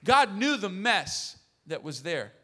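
A man in his thirties gives a sermon with a bright, forward tone and a voice a little higher than most men's. He speaks earnestly and throws in joking asides to the congregation. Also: sing-song, slow. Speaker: pastor.

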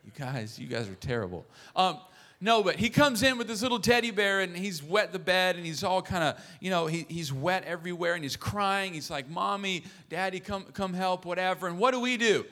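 A man in his thirties gives a sermon with a bright, forward tone and a voice a little higher than most men's. He speaks earnestly and throws in joking asides to the congregation. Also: lively intonation, brisk, few pauses. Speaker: pastor.

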